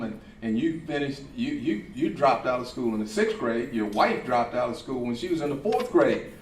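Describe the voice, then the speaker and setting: A man's voice: medium pitch, slight background noise. A middle-aged man, a coach, giving an emphatic motivational speech at an event, repeating his key phrases with a rising, preaching cadence. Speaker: coach and speaker. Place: event hall. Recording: echoey hall, speaker far from mic, faint ambience.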